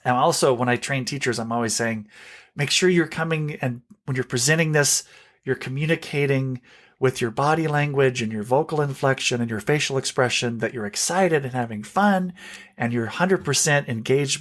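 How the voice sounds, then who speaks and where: A man, a music specialist for young children, explaining classroom songs in a lively, teacherly way as a podcast guest. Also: medium pitch. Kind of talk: podcast interview.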